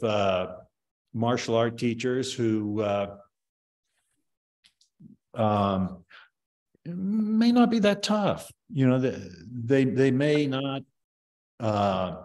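A man's voice: medium pitch, sing-song, drawn-out words, long pauses, darkish tone. A man in his seventies, a martial arts master, giving opinionated, rambling answers in an interview with many fillers.

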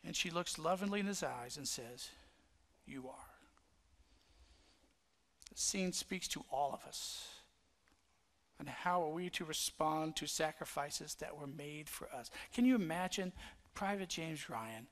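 A man's voice: a little high, lively intonation, moderate pace, a bit bright. A male pastor giving a sermon in a church, telling a story in an earnest, reflective way. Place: church sanctuary.

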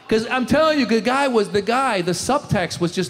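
Brief: male comic on stage, lively bits with shouted voices, high voice, live hall sound with faint noise. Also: moderate pace. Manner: animated, switches into loud shouted character voices. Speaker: stand-up comedian. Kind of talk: stand-up comedy set.

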